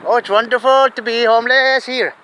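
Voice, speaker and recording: A man doing a bright, chirpy homeless man with a put-on East Asian English accent. He speaks in high, broken phrases. Gusts of wind roar over the microphone outside. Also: steady tone, fairly quick, poor audio. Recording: wind noise outdoors.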